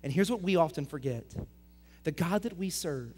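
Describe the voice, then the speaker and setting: A young adult man preaching to middle schoolers as their pastor, energetic, swinging between loud emphatic lines and quiet intense questions. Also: fairly high pitch, normal speed, husky, faint music behind. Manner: reads scripture aloud, asks students direct questions. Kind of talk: youth sermon.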